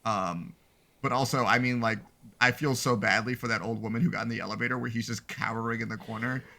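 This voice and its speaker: A man's voice: mid-range voice, steady tone, fast, gravelly, pushed and bright. A man co-hosting a casual podcast, chatty and loose, leaning on fillers like "I mean". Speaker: podcast co-host. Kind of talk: casual chat.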